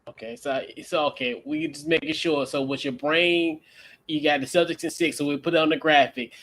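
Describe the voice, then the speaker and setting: A man's voice: fairly high pitch, steady tone, fairly quick, a bit bright. A man hosting a casual sports chat, playful and laughing often. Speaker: podcast host.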